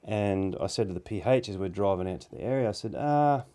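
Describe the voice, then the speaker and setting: A man's voice: low-pitched, fast, mellow. A man, telling rambling anecdotes in a casual, easygoing podcast chat.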